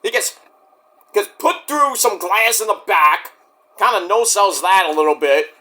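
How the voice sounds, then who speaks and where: A man's voice: sits high, lively intonation, unhurried, bright, forceful tone. A man giving a casual, rambling spoken recap as a show reviewer, often correcting himself and acting out what others said. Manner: rambling with self-corrections, acts out quotes. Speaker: wrestling reviewer.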